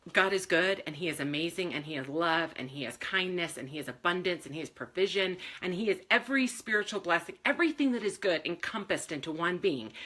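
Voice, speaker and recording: A woman with a lowish, sharp-toned voice talks to viewers on a casual live stream about faith and self-worth. She is candid and emotional, swears freely, and often laughs.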